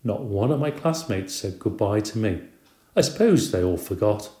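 Deep, mellow man reading a children's story. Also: expressive, moderate pace. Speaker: audiobook reader. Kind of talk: scripted narration. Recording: roomy echo.

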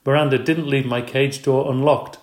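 A man's voice: mid-range voice, flat delivery, normal speed, voice pushed up, lightly acted. A man voicing an earnest pet hamster. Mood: pleading. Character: earnest young male pet hamster narrator. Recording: roomy echo.

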